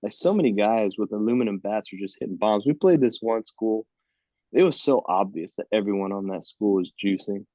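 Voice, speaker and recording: Mellow man in his thirties, animated storyteller. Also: on the low side, fairly quick, no echo, highs cut off. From Miami. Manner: lively, laughing anecdotes with quoted voices. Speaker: guest, former college baseball player. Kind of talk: casual storytelling on a podcast.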